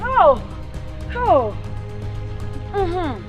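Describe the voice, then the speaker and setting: Man doing a shrill Nigerian pidgin lady fussing over her wig. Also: huge pitch swings, very slow, over music, exaggerated voice. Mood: indignant. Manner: loud scolding pidgin, cursing. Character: fussy young woman guarding her wig.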